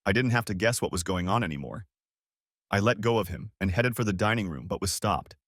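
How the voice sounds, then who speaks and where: A man's voice: fairly low pitch, a little fast, fairly bright tone, no echo, clean studio sound. A man narrating a first-person story for an audiobook, in a wry storytelling manner.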